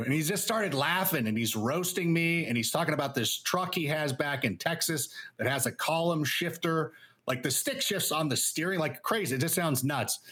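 Male interview guest, chatty and rambling, lively storyteller, plenty of "like" and restarts. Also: a little high, moderate pace, breathy edge. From Los Angeles area. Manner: rambling, animated storyteller with many fillers. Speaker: guest analyst. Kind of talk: casual interview chat.

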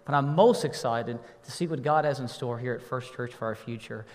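A man's voice: medium pitch, a little fast, in a large hall. A man in his thirties preaching a sermon as pastor, telling family stories and playfully getting the congregation to respond. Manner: warm storytelling, playful with the congregation. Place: church sanctuary.

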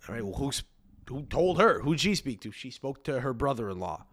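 A man's voice: medium pitch, expressive, moderate pace. A man hosting a podcast, ranting in a profane, incredulous comedic monologue. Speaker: podcast host.

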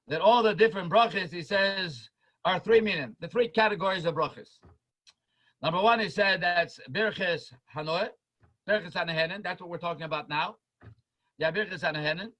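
A man's voice: sits high, sharp tone, poor audio. A man teaching a Talmud study class as a rabbi, chanting quoted texts in a sing-song and repeating words for emphasis. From United States.

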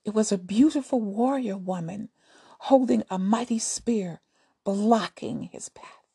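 A woman narrating a folk tale in a soft, deliberate storytelling manner. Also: medium pitch, breathy edge.

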